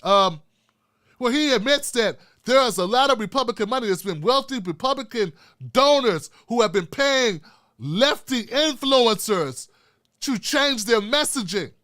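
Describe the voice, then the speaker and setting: High, bright-voiced, profane ranting man. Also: animated, unhurried, no room sound, studio quality. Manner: profane, heated, swears constantly. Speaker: host. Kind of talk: political commentary rant.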